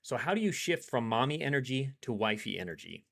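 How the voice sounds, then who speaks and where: A man giving dating advice in a calm, steady, coaching monologue. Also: mid-range voice, brisk, creaky. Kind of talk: instructional monologue.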